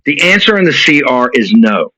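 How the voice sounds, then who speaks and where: A show host with a medium-pitched, sing-song, bright, forceful voice rants at normal speed, hammering his points through repetition in heated commentary. The lo-fi recording sounds dull and has no echo.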